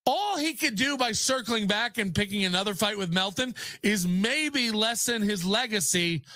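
A man's voice: sits high, expressive, normal speed, bright, forceful tone, no room sound, studio quality. A man hosting a podcast, ranting in mocking disbelief and laughing often as he reacts to clips. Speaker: podcast host.

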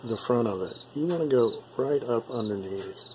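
A man giving a relaxed, step-by-step painting tutorial, repeating himself and checking in with "okay?" often. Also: mid-range voice, normal speed, very noisy. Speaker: miniature painting instructor.

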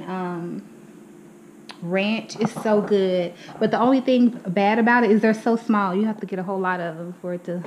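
A woman's voice: mid-range voice, a little mellow, a little hiss or hum, rough recording. A young woman showing her grocery haul at home, chatty and calling her viewers y'all, a little out of breath. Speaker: vlogger. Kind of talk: casual grocery haul walkthrough. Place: home, indoors.

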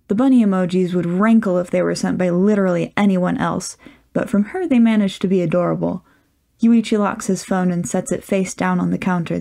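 A woman reading a fan fiction story aloud with lively, wry storytelling. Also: lowish voice, gravelly. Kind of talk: audiobook narration.

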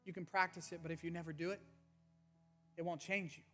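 A man's voice: on the high side, little pitch movement, a little fast, bright, forceful tone. A man preaching an earnest, conversational sermon to his church as its pastor. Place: church sanctuary. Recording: faint music underneath.

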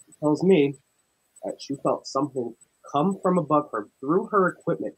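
A young man, a paranormal investigator, telling a story in casual chat and acting out the dialogue with animated energy. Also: fairly high pitch, normal speed, slightly rough, poor audio. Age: young adult. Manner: animated, acts out dialogue in tense retelling.

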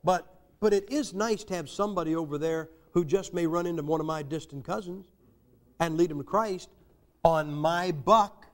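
An older American man preaching a sermon with a noticeably high-pitched voice. His delivery is folksy and joking, full of emphatic rises as he drives his points home. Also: moderate pace. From United States.

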